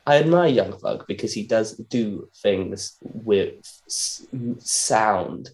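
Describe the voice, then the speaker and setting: A man's voice: fairly low pitch, lively intonation, slow pace, a little mellow. A man in casual conversation, hesitant and full of fillers as he searches for words about lyrics.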